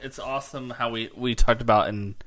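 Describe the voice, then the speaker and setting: A man co-hosting a podcast in casual chat, relaxed and thoughtful in his comments. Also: medium pitch, fairly quick, poor audio. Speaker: podcast co-host.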